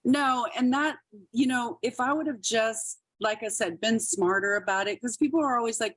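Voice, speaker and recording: A woman's voice: fairly high pitch, moderate pace, fairly bright tone, slightly rough, no room sound. A middle-aged woman comedian telling stories in a casual interview, laughing often and acting out quotes. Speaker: podcast guest, comedian.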